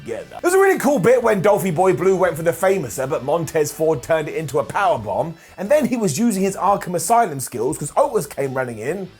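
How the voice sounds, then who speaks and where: A man's voice: fairly high pitch, sing-song, fast talker, few pauses, a little mellow, breathy edge. A man giving a sarcastic, jokey recap of a wrestling show, slipping into mocking voices as he goes. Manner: sarcastic, jokey, mimics people in funny voices. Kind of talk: comedic recap commentary. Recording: light background music.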